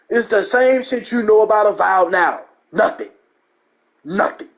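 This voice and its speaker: A young man with a high-pitched voice rants about video games on his own channel. He talks in a profane, mocking way and leans hard on his points. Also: animated, normal speed. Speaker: gaming channel host. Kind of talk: ranting gaming commentary.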